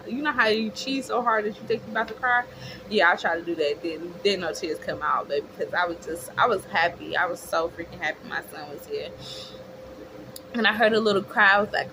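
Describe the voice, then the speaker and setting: A young woman telling a chatty, expressive storytime to her viewers, calling them y'all. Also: medium pitch, moderate pace. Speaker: vlogger. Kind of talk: casual storytime. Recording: clear background noise.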